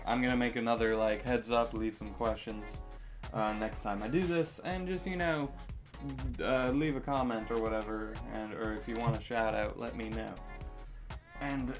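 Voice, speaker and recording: A young man casually answering viewer questions in a vlog, rambling with lots of fillers and self-deprecating asides. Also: mid-range voice.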